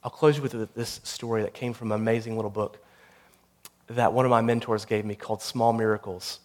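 A man, the pastor, delivering a sermon that builds to intense storytelling and closes in a quiet prayer. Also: lowish voice, fairly even intonation, a little fast.

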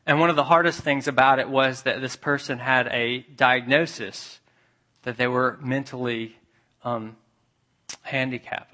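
A man preaching a sermon as pastor, earnest, dropping soft and low for the tender passages.

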